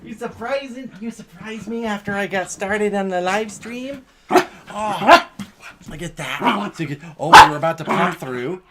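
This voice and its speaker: A man's voice: high-pitched, expressive, a little slow, heavy background noise. A man in his thirties chatting casually as he hosts a live stream and keeps stopping to scold a barking puppy. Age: 30s.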